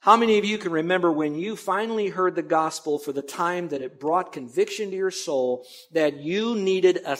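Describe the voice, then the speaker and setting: A male pastor preaching an expository sermon, earnest and emphatic, swinging between loud stresses and quiet asides. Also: a little high.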